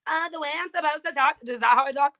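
A woman in a heated argument, defiant and talking back, with a slightly raspy voice. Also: high-pitched, fast talker, pushed and bright, no echo, studio quality. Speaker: guest being confronted.

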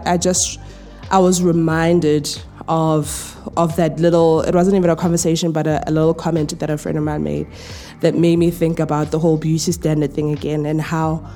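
A woman talks on her own podcast from home with a tired voice. Her tone is low and mellow, relaxed and chatty, full of fillers and restarts. Faint music plays underneath. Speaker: podcast host. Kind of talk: casual solo chat. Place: home, in pajamas.

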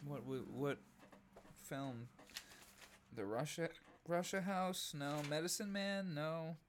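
A man's voice: a little high, slow pace, slight background noise. A man co-hosting a podcast in casual chat, rambling and breaking into laughter, with the hiccups. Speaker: podcast co-host.

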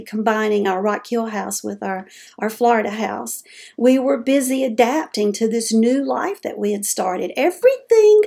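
A middle-aged woman talks through a personal, faith-based reflection in an earnest, homespun way. Her voice sits a little high and carries a gravelly fry. She tells her story as a dementia advocate would, with plain folksy turns of phrase. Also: a little mellow.

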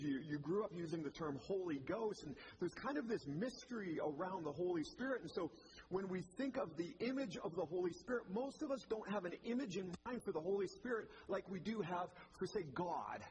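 A man's voice: sits high, noisy background. A male pastor giving a sermon in a church, with a conversational manner and wry asides.

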